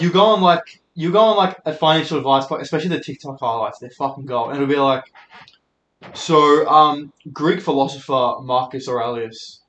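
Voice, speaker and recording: A man in his twenties talks loosely on his own podcast, drifting from one thought to the next and swearing often as he makes fun of his own slip-ups. His voice sits a bit high for a man. He holds the microphone in his hand, and the sound bounces around a roomy space. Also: fairly bright tone. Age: 20s. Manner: rambling, sweary, self-deprecating. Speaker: podcast host. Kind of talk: casual solo podcast rant. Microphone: handheld microphone.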